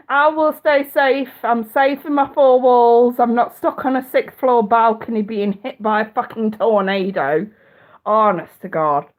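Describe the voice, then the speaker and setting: A woman with a blocked, stuffy nose, hosting a casual livestream as a psychic reader, chatty, swearing freely and laughing often. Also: fairly high pitch. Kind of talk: casual livestream chat answering viewers.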